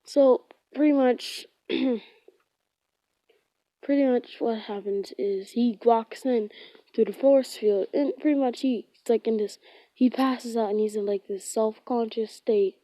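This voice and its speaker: Speaking in a mellow, somewhat high voice and an unhurried pace, a woman rambles through a fan-fiction retelling, packed with fillers and frequent self-corrections. There's no room sound, though the recording itself is dull lo-fi.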